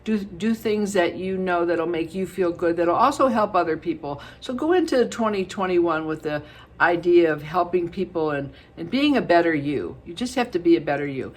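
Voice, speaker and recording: A woman's voice: on the low side, animated, normal speed. A middle-aged woman vlogging to her viewers in a casual, chatty and affectionate way, with many fillers. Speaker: beauty vlogger. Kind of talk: casual chat to camera.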